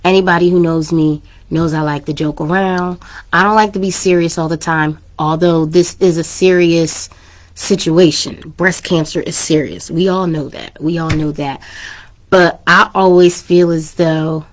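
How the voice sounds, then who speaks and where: A woman's voice: lowish voice, fairly even intonation, measured pace. A woman hosting her own podcast in casual, candid chat, laughing often and a little under the weather with a cough, speaking into a turned-down microphone. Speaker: podcast host. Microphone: microphone turned down low.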